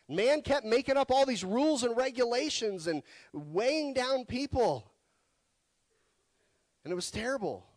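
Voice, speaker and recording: A male pastor preaching a conversational sermon, asking his listeners questions and swinging from loud to soft. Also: sits high, no echo. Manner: animated, rhetorical questions, wide swings in loudness.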